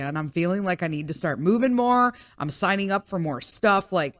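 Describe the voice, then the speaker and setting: Middle-aged woman, lowish voice, casual podcast monologue, candid and profane, dry close sound. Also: moderate pace, few pauses, no room sound. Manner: candid, profane, rambling with fillers and laughs. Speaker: podcast host.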